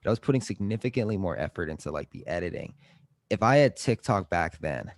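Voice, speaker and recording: A man's voice: low-pitched, very animated, fast, dry recording. A young man in his twenties co-hosting a podcast, chatting casually and joking with loose, profane language. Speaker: podcast co-host. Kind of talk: casual chat.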